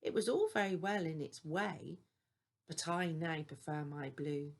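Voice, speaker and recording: A woman's voice: sits low, measured pace. An older woman doing a pompous big engine. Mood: boastful. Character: proud vain big male engine.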